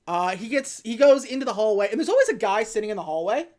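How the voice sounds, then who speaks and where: A woman's voice: fairly high pitch, quick pace. Woman casually recapping a movie. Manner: animated retelling, acts out characters' lines. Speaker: podcast co-host.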